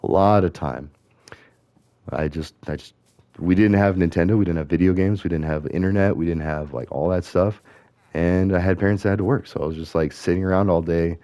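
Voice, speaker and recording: A man's voice: low voice, steady tone, brisk, warm tone, dry recording. A middle-aged man talking in rambling, casual commentary as he plays a game, musing aloud and correcting himself as he goes. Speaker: gaming streamer.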